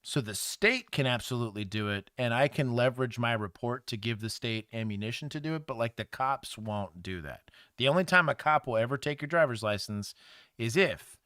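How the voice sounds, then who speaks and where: Laughing, lively-voiced former cop from Texas. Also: male voice, mid-range voice, brisk, no echo, clean studio sound. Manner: laughs often, animated storytelling with put-on quotes. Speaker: podcast co-host, former police officer. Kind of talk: casual livestream chat.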